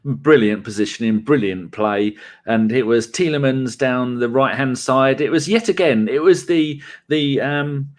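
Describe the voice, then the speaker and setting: A man's voice: mid-range voice, measured pace. A man co-hosting a casual football podcast, joking and bantering. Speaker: podcast co-host.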